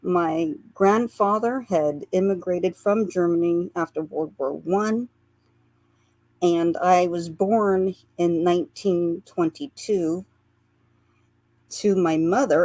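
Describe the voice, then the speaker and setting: A woman with a lowish voice tells a long personal story as a radio guest. She speaks earnestly and laughs softly at the funnier memories. Her voice is close and dry on a studio mic. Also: slow pace, no echo. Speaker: guest, psychic portrait artist. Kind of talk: recounting past-life memories in a radio interview.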